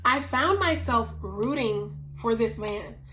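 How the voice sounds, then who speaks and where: A woman giving a casual book review, telling it in an earnest, personal way with quick asides. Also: on the high side, lively intonation, sharp tone.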